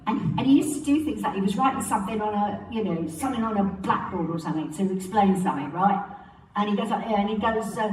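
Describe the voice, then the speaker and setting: Older English actress telling lively anecdotes. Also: female voice, medium pitch, moderate pace, recorded from a distance. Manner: animated storyteller, acts out quotes and laughs often. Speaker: actress interviewee. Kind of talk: relaxed anecdotal interview. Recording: roomy, off-mic, faint background hiss.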